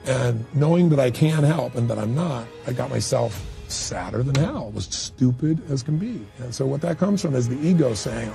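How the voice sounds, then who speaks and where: A man's voice: mid-range voice, vocal fry. A man speaking as a motivational speaker in a candid interview, blunt and full of stories, acting out quotes. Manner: storytelling, blunt, acts out quotes.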